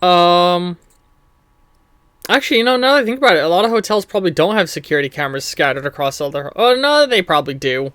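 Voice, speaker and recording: A man's voice: high voice, lively intonation, quick pace, fairly bright tone, smooth, no echo. A man narrating as game master of a tabletop game, chatty and loose, laughing at his own jokes.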